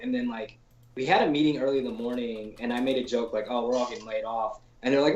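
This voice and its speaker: A man's voice: mid-range voice, brisk, slight background noise. Slangy male storyboard artist, echoey call. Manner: loose and slangy, heavy on "like", swears casually; acts out quoted people in animated voices. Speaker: storyboard artist, podcast guest. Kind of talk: casual anecdotal storytelling in an interview. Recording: roomy, dull lo-fi call audio.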